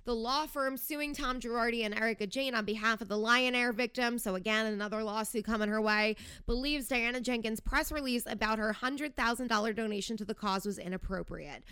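Here the podcast host speaks briskly at a fairly high pitch with few pauses, her voice a bit bright and smooth, captured in clean studio sound without echo. The young woman is fired up, gossiping about reality TV with sarcastic digs and lots of "like."

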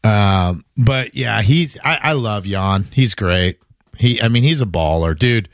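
Man, low voice, podcast co-host, chatty, dry close sound. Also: lively intonation, a little slow, no room sound. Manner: chatty, acts out quotes in a raised voice. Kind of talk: casual sports betting chat.

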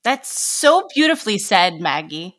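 A woman's voice: medium pitch, sing-song, measured pace, no room sound, studio quality. A woman in her thirties hosting a podcast, affirming her guest and sharing parenting stories. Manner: warm-hearted, affirming, anecdotal. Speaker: podcast host. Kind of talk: conversational podcast interview.

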